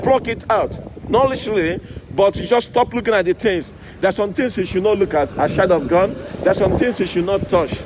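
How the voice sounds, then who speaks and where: A man with a high voice preaching outdoors beside a road. He keeps asking his listeners "Amen?" and "you see?", while loud traffic noise runs under the whole recording. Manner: call-and-response, repeated "Amen?" and "you see?". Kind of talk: street sermon. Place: outdoors by a road with passing cars in the rain.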